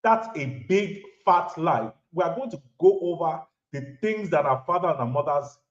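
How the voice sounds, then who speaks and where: A man's voice: a little high, lively intonation, normal speed. A man in his thirties or forties from Nigeria, with a Nigerian accent, lecturing viewers emphatically and repeating lines for stress. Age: 30s to 40s. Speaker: vlogger giving relationship advice. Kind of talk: lecturing monologue to camera. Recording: roomy, dull lo-fi audio.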